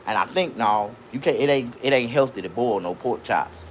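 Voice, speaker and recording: A man talking on a live stream from inside his own shop in a casual, boastful, profane, rambling way, jumping between loud bursts and low mutters. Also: animated, moderate pace, slight background noise. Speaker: livestreamer and shop owner.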